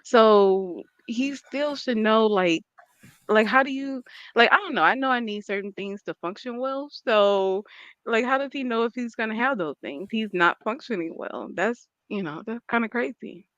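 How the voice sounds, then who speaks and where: A woman's voice: fairly high pitch, moderate pace, fairly bright tone, dry recording. Woman chatting, dull lo-fi sound. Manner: rambling, hesitant, many fillers. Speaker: co-host of a commentary stream. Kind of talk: casual commentary chat. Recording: dull lo-fi stream audio.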